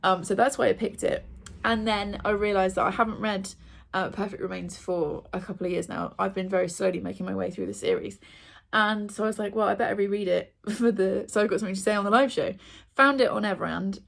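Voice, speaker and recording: A woman's voice: mid-range voice, steady tone, fairly quick, vocal fry. A young woman chatting casually through her monthly reading wrap-up, with frequent ums and likes. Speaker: book vlogger.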